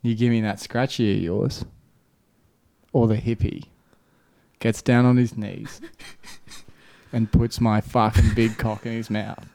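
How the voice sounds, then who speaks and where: A man's voice: lowish voice, little pitch movement, slow pace, long pauses, warm tone, pitched below the performer's own voice. A man playing a corrupt, sleazy police officer in improvised comedy, sly and lewd. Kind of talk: improvised comedy role-play.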